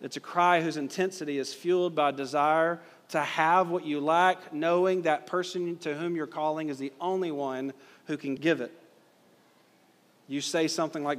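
Emphatic preaching man, higher voice. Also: fairly even intonation, normal speed, a bit bright. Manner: emphatic, builds intensity with rhetorical questions. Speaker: pastor. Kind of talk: sermon. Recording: long reverb of a hall.

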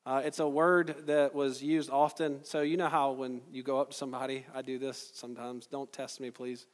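Conversational pastor preaching in a reverberant hall. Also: male voice, mid-range voice, flat delivery, moderate pace. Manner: conversational, explains verse by verse, asks the crowd questions. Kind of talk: sermon.

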